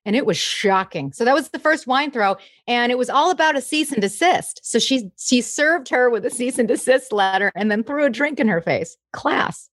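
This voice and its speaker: A woman's voice: on the high side, expressive, normal speed, hardly any pauses, fairly bright tone, no echo, studio quality. A woman comedian chatting as a guest, bubbly as she tells a story. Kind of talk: casual chat.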